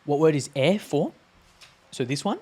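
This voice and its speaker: A man teaching a language on a live stream, casual and chatty, repeating sounds slowly to demonstrate them. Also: fairly high pitch, lively intonation, darkish tone, husky.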